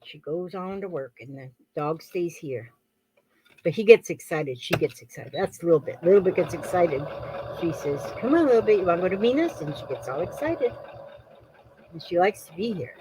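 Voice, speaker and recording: A woman's voice: low-pitched, expressive, moderate pace, warm tone, a little hiss or hum, rough recording. A middle-aged woman from Florida chatting casually while crafting, often wandering off topic. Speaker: crafting vlogger. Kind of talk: casual rambling chat.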